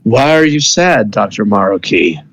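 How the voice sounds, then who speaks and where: Aizen, a man voicing a slow, deep villain. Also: very animated, slight background noise, heavily acted. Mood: calm menacing. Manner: slow, low, quietly persuasive. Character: calm sinister male mastermind in white coat.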